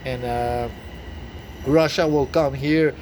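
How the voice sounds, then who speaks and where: Slow and a touch mellow, this man speaks at medium pitch with fairly even intonation. He's a video blogger on a rambling conspiracy rant, agitated and swearing, with restarts and fillers and faint noise behind him.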